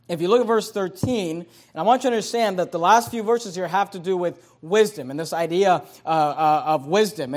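A man preaching a verse-by-verse sermon, explaining the text and building to forceful emphasis. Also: sits high. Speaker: pastor.

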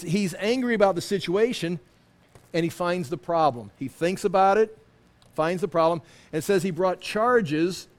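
A man preaching a sermon, teaching through a scripture passage and acting out what people in it say. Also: high-pitched. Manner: animated, acts out quoted lines. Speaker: pastor.

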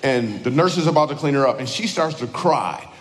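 A man telling a story about his newborn daughter in a devotional video, relaxed with light humor. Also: medium pitch, brisk, a little hiss or hum. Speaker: video speaker. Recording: video with music underneath and reverb.

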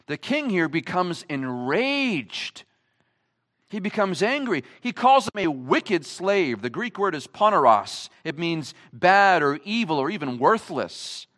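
High, lively-voiced male preacher. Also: slow pace. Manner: emphatic, asks the congregation many rhetorical questions. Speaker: pastor. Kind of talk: sermon. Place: church service.

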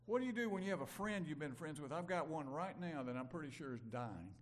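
An older man from Mississippi, preaching a conversational sermon that moves from loud emphasis to quiet asides. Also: a little high, animated, fast talker. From Mississippi, USA. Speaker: pastor.

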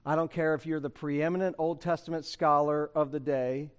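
A man's voice: on the high side, fairly even intonation, moderate pace, clean tone. A man preaching a sermon, emphatic and conversational, asking the congregation rhetorical questions. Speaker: pastor.

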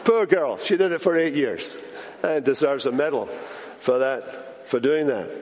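A man preaching a sermon as pastor, emphatic, slowing down and dropping his voice for weight. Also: darkish tone, slight background noise. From Britain. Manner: emphatic, with dramatic slowdowns and drops in pitch. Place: large church sanctuary. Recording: church hall reverb.

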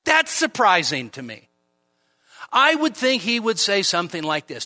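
At a midweek church service, a pastor with a high-pitched voice preaches an expository sermon at a moderate pace, keeping it lively and conversational with frequent rhetorical questions.

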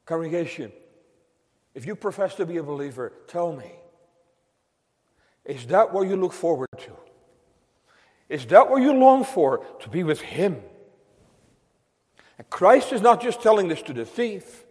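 Slow, high-voiced preacher in a reverberant church. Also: male voice, sing-song. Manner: slow, emphatic preaching with drawn-out phrases and sudden quiet drops. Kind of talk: sermon. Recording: long hall reverb.

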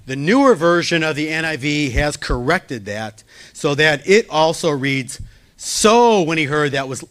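A male pastor preaches a sermon, raising his voice for quoted pleas, then letting it fall soft and low to offer comfort.

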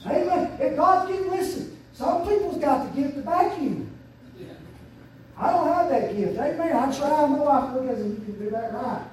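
A man preaching a fervent sermon as pastor, swinging from quiet asides up to loud shouts. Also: moderate pace, slight background noise. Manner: fervent preaching, surging to shouts and dropping low. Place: church sanctuary. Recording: very echoey church sanctuary, mic at a distance.

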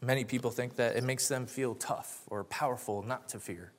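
A young man preaches from his own story in an earnest, heartfelt voice. He swells to fervent emphasis on key words and settles back into plain testimony. His pitch sits in the middle of the range. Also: steady tone, normal speed. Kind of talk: personal testimony and sermon.

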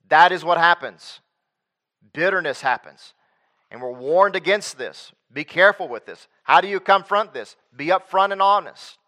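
A man's voice: a little high, bright, forceful tone. A man preaching a sermon as pastor, emphatic, repeating his points, restarting phrases and asking the congregation for agreement.

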